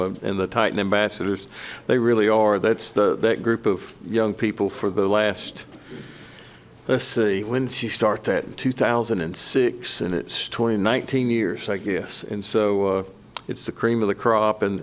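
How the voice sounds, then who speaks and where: Gravelly council president. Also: male voice, fairly low pitch, slight background noise. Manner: relaxed, folksy. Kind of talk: chairing a council meeting. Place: city council chamber.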